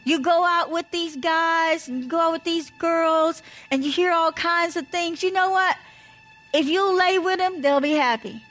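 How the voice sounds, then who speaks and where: A woman with an extremely high, slightly bright voice speaks a little slowly on a low-quality recording. She casually tells stories and gives marriage advice in a chatty, anecdotal way, repeating "blah, blah" as she goes.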